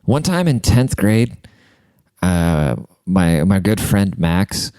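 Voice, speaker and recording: A man's voice: sits low, big pitch swings, slow, dark tone, clear, resonant tone, dry recording, studio quality. A man hosting his own podcast, telling crude comedic stories in a rambling, casual way full of "like" fillers. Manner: rambling and crude, heavy use of "like".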